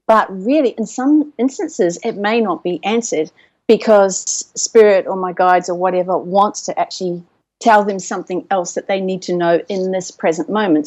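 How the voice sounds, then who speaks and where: Aussie woman chatting easy on a call, sound a bit muffled and lo-fi. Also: mid-range voice. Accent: Australian. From Australia. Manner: relaxed, explanatory, with fillers. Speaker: clairvoyant guest. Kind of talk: casual interview chat. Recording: dull remote call line.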